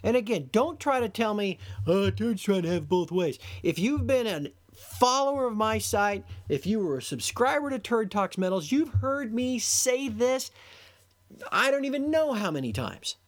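A man's voice: very high voice, sing-song, normal speed. A man hosting a solo podcast, delivering an exasperated, sarcastic lecture to his listeners. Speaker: podcast host. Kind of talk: solo commentary monologue.

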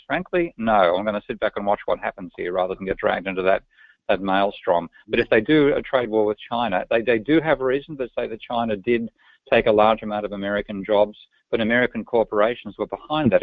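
A man's voice: fairly low pitch, no echo. An Australian man answering interview questions, frank and opinionated, often restarting his sentences. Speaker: guest. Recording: dry, tinny phone-line sound.

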